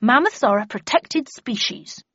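A woman voicing a brisk male government agent who speaks in a loud, clipped, official manner. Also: a little high, lively intonation, dry recording, highs cut off. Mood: officious.

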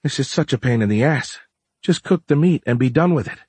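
A man voicing a hungry, blunt young woman who talks in a sharp, demanding way, in an audiobook. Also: fairly low pitch, a little fast, slightly rough, no echo.

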